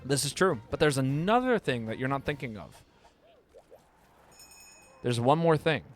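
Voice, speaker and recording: A man live-streaming a game, talking casually and playfully, often stumbling and repeating words when excited. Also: medium pitch, measured pace, faint music behind.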